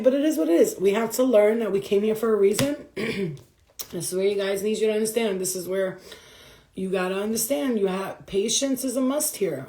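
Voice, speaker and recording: Woman spiritual reader, casual and profane, given to laughter. Mellow voice, echoey room. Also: medium pitch. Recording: roomy echo.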